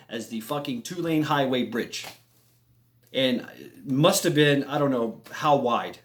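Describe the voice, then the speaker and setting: A man casually telling a long story, rambling and animated, swearing freely and making little sound effects as he goes. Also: mid-range voice, measured pace. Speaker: vlogger telling a military story.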